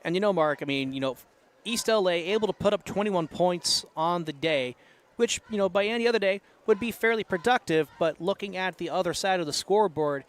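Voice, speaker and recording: A man's voice: sits high, brisk. A man doing play-by-play commentary for a college football game, then reading the upcoming schedule in an easygoing way. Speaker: play-by-play announcer. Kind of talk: live sports commentary. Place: outdoor stadium press box.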